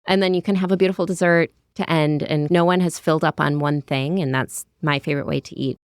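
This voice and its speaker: A woman's voice: low-pitched, fairly even intonation, fast, clear, resonant tone, dry recording, studio quality. An American woman in her thirties, a cookbook author chatting in an interview, descriptive with many "like" and "you know" asides. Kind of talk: conversational interview.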